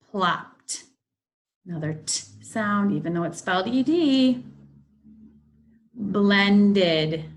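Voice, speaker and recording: A woman teaching a phonics lesson, slowly reading each word aloud and repeating it with care. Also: mid-range voice, vocal fry.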